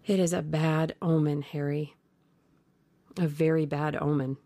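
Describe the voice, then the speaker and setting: A woman voicing a sensitive, uneasy young English gentleman in a storybook reading, with pleading, rising cries. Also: low-pitched, flat delivery, measured pace, no echo. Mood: gloomy.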